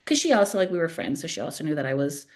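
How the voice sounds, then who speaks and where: A young adult woman hosting a podcast, telling a personal story in a casual, animated way, laughing at herself often. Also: deep voice, very fast.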